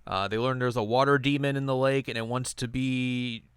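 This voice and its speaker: Young guy host going over an episode, smooth clear voice, dry close sound, jumps into goofy voices. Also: mid-range voice, fairly quick, no echo. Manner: animated, acts out characters' lines in silly voices. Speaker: podcast host. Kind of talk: casual episode recap.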